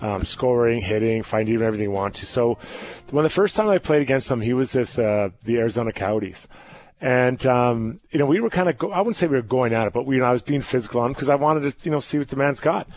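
A man's voice: mid-range voice, quick pace. A middle-aged man chatting casually on a podcast about his playing days. He tells stories with plenty of animation, slipping into other people's voices for quotes and laughing at his own punchlines. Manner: animated, laughing storyteller who acts out quotes. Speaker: podcast co-host, former hockey player. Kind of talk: casual storytelling chat.

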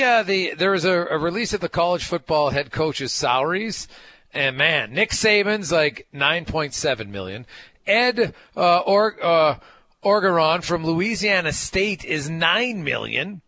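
A man hosting a sports radio show, chatting casually and animatedly, often stopping to correct himself. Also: fairly high pitch. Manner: animated, self-correcting, quick asides.

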